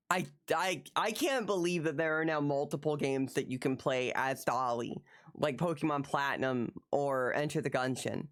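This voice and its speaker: Excitable, foul-mouthed woman streamer. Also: deep voice. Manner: excitable, swears a lot, repeats phrases over and over. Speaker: live streamer. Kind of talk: casual live-stream chat with viewers.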